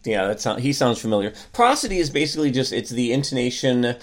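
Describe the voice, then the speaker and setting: A man's voice: mid-range voice, big pitch swings, fast. A man with an American accent, co-hosting a casual podcast chat and explaining things with frequent restarts and fillers. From United States. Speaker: podcast co-host.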